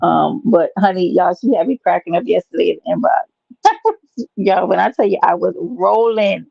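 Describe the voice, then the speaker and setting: A woman's voice: on the low side, moderate pace, creaky, husky, no echo, lo-fi sound. A woman hosting a live stream, rambling and teasing her viewers in a playful, chatty way. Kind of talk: casual live stream chat.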